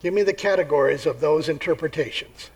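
A man preaching a sermon, telling the story with lively acted-out voices and asking his listeners questions. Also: on the high side, a little fast, rough recording. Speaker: pastor.

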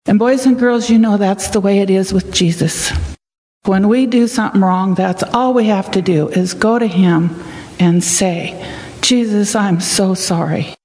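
A woman's voice: mid-range voice, normal speed, dark tone. An older woman telling a story as a children's sermon, asking the children questions as she goes. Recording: echoey hall.

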